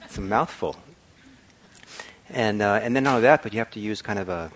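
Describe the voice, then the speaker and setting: Middle-aged male meditation teacher, low voice, reflective and unhurried, faint room hum behind him. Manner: soft-spoken, reflective, with frequent ums and restarts. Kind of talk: dharma talk. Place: meditation hall.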